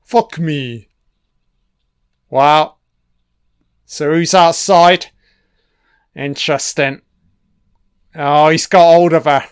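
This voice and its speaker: A man's voice: on the high side, drawn-out words, long pauses, clear, resonant tone, no room sound, clean studio sound. A man giving a casual, profane commentary on a film, swearing constantly and cheering at the screen.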